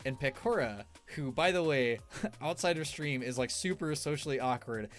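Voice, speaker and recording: A man's voice: medium pitch, animated, moderate pace, faint music behind. Rambling, laughing male streamer. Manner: rambling, laughs often, many fillers. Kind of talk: casual tier-list commentary.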